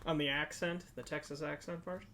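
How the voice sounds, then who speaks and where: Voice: medium pitch, fairly even intonation, fairly quick, pushed and bright, slight background noise. Podcast cohost joking around about a movie, laughs easy, laid back chat. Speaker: podcast co-host. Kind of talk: casual movie review chat.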